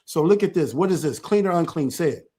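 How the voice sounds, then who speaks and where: A man, a church elder, talking through an informal teaching in a lively way, often repeating himself and asking "right?". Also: fairly high pitch, quick pace. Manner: animated, keeps checking in with "right?"; repetitive, stumbles and restarts.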